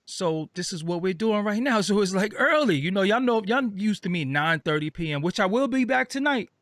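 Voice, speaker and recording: A man hosting an interview show, sounding tired and a bit raspy, talking in a loose, rambling way with lots of fillers and repeats. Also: expressive, brisk, fairly bright tone, no room sound, studio quality. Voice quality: raspy, deeper than usual. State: tired, just woke up. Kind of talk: casual interview chat.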